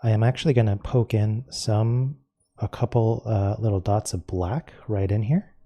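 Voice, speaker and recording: A man teaching a painting lesson, explaining each step calmly and unhurriedly as he works. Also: lowish voice, moderate pace, highs cut off. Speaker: painting instructor.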